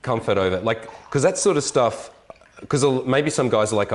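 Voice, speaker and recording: A man casually telling an animated, profane travel story in conversation. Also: medium pitch, moderate pace. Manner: animated storyteller, swearing, voices others.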